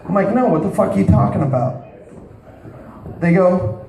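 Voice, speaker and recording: A man performs a crude stand-up set at a bar, telling stories and calling out to the crowd in a high, animated, warm voice with some vocal fry. He talks at normal speed but pauses often. The recording is roomy and distant, with crowd noise.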